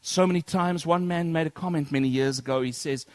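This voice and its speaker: A man preaching a sermon to his congregation, swinging from loud declaiming to soft near-whispers. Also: fairly high pitch, fairly even intonation, brisk, no echo. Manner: addresses congregation as brethren.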